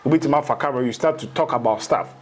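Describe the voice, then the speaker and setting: A man's voice: mid-range voice, fast, a little hiss or hum. A man, a spiritual teacher in a casual interview, rambling through explanations and slipping into local phrases.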